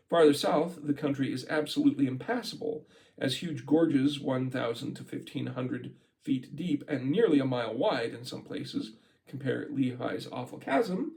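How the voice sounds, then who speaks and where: A man's voice: mid-range voice, gravelly, a little mellow, poor audio. A man doing an informal reading of a book aloud, stopping for chatty asides and laughs. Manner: reads aloud, breaks off to comment and laugh. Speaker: amateur reader of a book. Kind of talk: casual read-aloud with asides.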